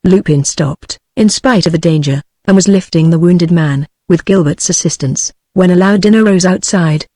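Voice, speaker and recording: A woman's synthetic voice with a British English accent, reading a novel aloud in steady, even scripted narration. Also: fairly low pitch, normal speed, hardly any pauses, dry recording.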